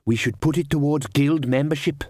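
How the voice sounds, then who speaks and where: A man's voice: fairly high pitch, moderate pace, darkish tone, dry recording, studio quality, pitched above the performer's own voice, natural voice. A man voicing a restless young male harpist from the valleys, eager and fidgety, in an audiobook.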